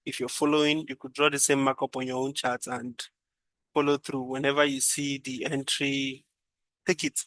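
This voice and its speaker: A man's voice: mid-range voice, little pitch movement, moderate pace, fairly bright tone, no echo. A man casually walking through a trading chart, thinking aloud and repeating phrases as he goes. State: yawning, drowsy. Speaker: trading analyst.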